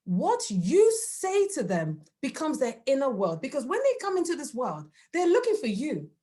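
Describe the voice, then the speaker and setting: A woman's voice: high-pitched, huge pitch swings, moderate pace, mellow. A woman giving a parenting talk, earnest and emphatic, asking the audience rhetorical questions. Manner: acts out quoted voices of children and parents. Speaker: parenting workshop speaker. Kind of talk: presentation talk with slides.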